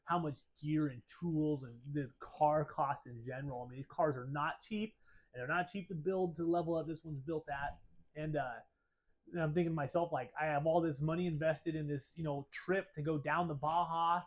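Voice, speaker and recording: A man with a slightly high voice tells a story straight to camera. He is animated and a bit profane, and he acts out both sides of his phone calls as he goes. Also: normal speed, highs cut off. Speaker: shop owner telling a story.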